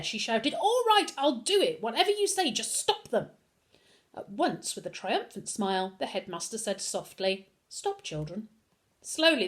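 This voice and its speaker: Expressive woman reading a storybook. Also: mid-range voice. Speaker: reader. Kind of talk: reading a children's novel aloud.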